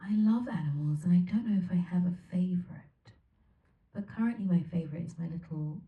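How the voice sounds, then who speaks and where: A woman's voice: on the low side, fairly quick, narrow, tinny audio. A woman as the featured guest at an onstage Q&A, answering in an earnest, reflective way and laughing easily. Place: theater stage before an audience. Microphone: recorded from the audience, far from the stage. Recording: echoey theater from far off, faint noise.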